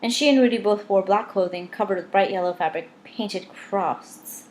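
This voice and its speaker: A woman's voice: medium pitch, normal speed, a little mellow, slight background noise. A woman reading a novel aloud in first person, with a wry, dry delivery. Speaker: audiobook reader.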